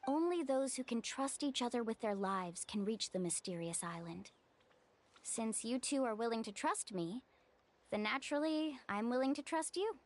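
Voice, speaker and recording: A woman's voice: a little high, expressive, normal speed, lightly acted. A young woman voicing a confident, upbeat guide in game dialogue, cheerful and reassuring, who calls out commands to her companions.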